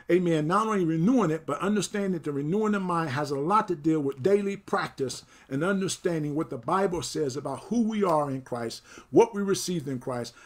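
A man preaching a sermon as pastor, reading scripture and breaking in with amens and praise, getting excited as he goes. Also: high voice. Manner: excitable, picks up speed then slows for scripture.

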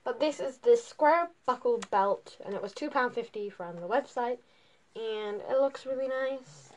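A woman's voice: on the high side, a little slow. A young woman, chatting casually and gushing through a haul video with lots of fillers. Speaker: vlogger.

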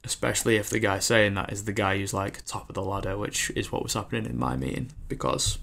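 A man in his twenties hosting a podcast, rambling in an animated, casual way with lots of fillers and acted-out quotes. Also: lowish voice, fast, creaky, a little hiss or hum. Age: 20s. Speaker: podcast host.

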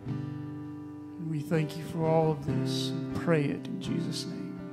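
A man, a worship leader, praying gently and earnestly over guitar playing. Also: a little high, little pitch movement, takes it slowly. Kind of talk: spoken prayer over guitar. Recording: loud guitar behind the voice.

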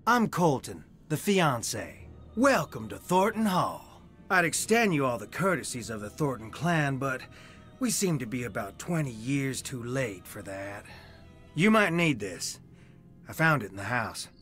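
A man's voice: mid-range voice, big pitch swings, unhurried, a bit bright, soft background music. An actor playing a tired young man, a missing girl's fiancé, in a game. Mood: weary. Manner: weary, wry.

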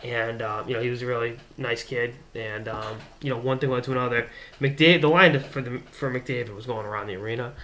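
A young man from the Boston area, a hockey blogger hosting his own show, telling a rambling, animated anecdote to camera. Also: mid-range voice, a little fast, a little hiss or hum. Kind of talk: casual storytelling to camera.

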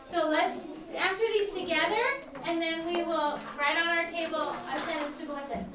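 A woman teaching a primary school class, lively and encouraging, prompting the children to finish sentences aloud. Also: very high-pitched, normal speed. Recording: roomy classroom audio from a distant mic. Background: children's voices and classroom noise.

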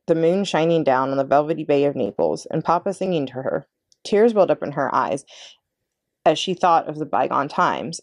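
A librarian woman reading a children's chapter book aloud with expressive narration. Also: deep voice, no echo, studio quality. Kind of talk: read-aloud storybook narration.

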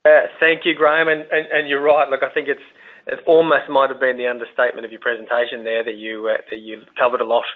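A man's voice: mid-range voice, level tone, fast. A man with an Australian accent hosting a webinar Q&A, chatty and hesitant, often repeating words and saying "um". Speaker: webinar host. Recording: tinny phone-line audio.

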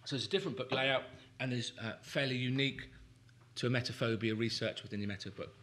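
A man's voice: medium pitch, steady tone, fast, bright, forceful tone. A man presenting a live seminar workshop in a lecture room, talking emphatically, repeating key phrases and acting out anxious inner thoughts. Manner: emphatic, repetitive, acts out anxious inner voices.

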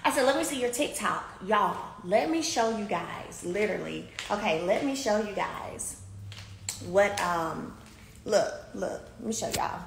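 A woman telling a chatty, animated story to her viewers from a beauty salon, filmed on a handheld phone. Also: mid-range voice, measured pace, gravelly, background noise. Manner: animated, addresses viewers as y'all, swings loud and soft. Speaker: vlogger. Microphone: phone camera held by speaker. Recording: echoey room with faint ambience.

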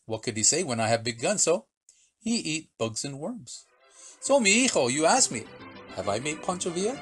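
A man voicing a very old storyteller, speaking broken English with dramatic pauses and slow punchlines. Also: a little high, sing-song, breathy edge, soft background music, pitched above the performer's own voice. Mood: playful. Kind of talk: storytelling for children.

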